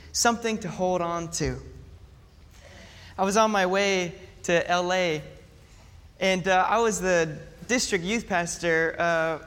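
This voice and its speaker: A pastor preaching a sermon, telling a story in an animated way and acting out mock panic. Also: male voice, high voice. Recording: long hall reverb.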